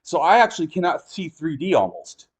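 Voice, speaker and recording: A middle-aged man from Los Angeles talks in a loose, casual chat. His voice sits high and swings widely in pitch. He is emphatic and profane. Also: very animated, fairly quick, breathy edge. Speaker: host.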